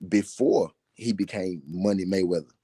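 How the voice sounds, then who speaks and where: Deep dark-voiced man ranting about boxing. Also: moderate pace, husky, no echo, studio quality. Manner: repetitive, emphatic, laughing between points. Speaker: boxing talk show host. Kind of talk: casual live commentary.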